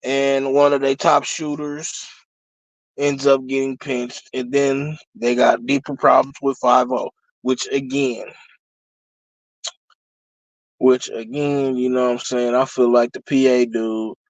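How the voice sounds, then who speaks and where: A man reviewing a TV episode in a casual, heated rant, swearing constantly, sometimes shouting, and often saying "you know what I'm saying.". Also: mid-range voice, level tone, measured pace, no room sound, poor audio. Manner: profane, heated, shouts in bursts.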